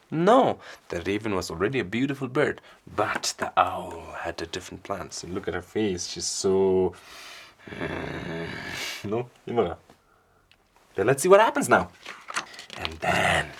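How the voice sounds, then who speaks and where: A man reads a children's picture book aloud, lively and full of questions for his young listeners. His pitch swings widely, with a gravelly edge settling into his lower notes. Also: slight background noise. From Bhutan. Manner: animated, asks the children questions. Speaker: storyteller.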